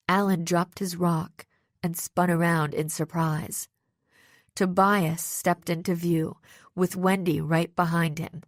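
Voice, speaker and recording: A woman reading a first-person audiobook narration in a steady, even storytelling manner, close to the microphone. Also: on the low side, slow, no room sound. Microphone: close studio microphone.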